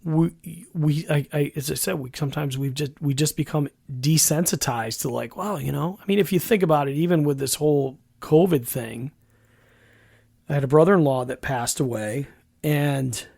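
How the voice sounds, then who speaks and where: A middle-aged man hosting a podcast, talking reflectively in halting phrases that often restart and trail off quietly. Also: on the high side, gravelly, slightly rough, no echo, studio quality. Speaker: podcast host. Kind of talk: reflective solo podcast talk.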